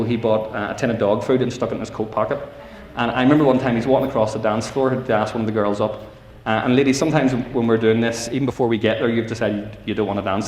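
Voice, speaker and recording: A man's voice: mid-range voice, a little mellow, a little hiss or hum. Northern Irish man, echoey hall. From Northern Ireland. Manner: storytelling with acted-out voices and asides. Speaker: youth speaker. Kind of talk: humorous talk to teenagers. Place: large civic hall.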